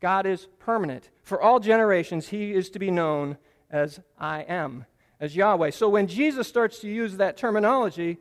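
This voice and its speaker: High-voiced preacher in a reverberant hall. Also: male voice, lively intonation, normal speed. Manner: earnest, explanatory, lands key phrases with emphasis. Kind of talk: Bible teaching sermon.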